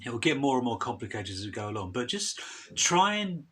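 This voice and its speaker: A man giving a casual, chatty guitar lesson in a relaxed way, with loose restarts and asides. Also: mid-range voice, fairly quick, slightly rough. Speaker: guitar teacher. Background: guitar strumming loudly.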